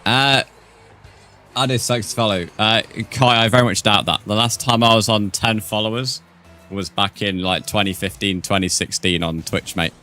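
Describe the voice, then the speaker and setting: A man's voice: lowish voice, normal speed, bright, forceful tone, soft background music. A man streaming a game, chatting casually with viewers and calling them "mate". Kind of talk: casual live-stream chat.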